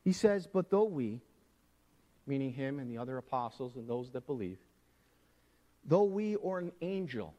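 A man preaching a sermon, swinging from hushed asides to loud, emphatic proclamation. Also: medium pitch, big pitch swings, moderate pace, long pauses, long reverb tail, muffled recording. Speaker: pastor.

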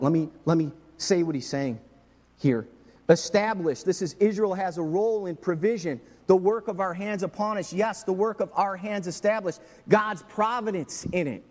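Man, pastor, sermon, rises and falls from hushed to emphatic, somewhat high voice, long hall echo. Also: normal speed. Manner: swings from hushed to soaring and emphatic.

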